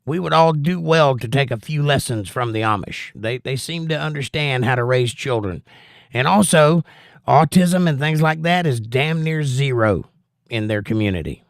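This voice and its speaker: A man's voice: medium pitch, expressive, moderate pace, gravelly, no echo. Opinionated Southern man reading chat, dry sound. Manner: opinionated, preachy asides. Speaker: livestream host reading chat. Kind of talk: casual livestream chat.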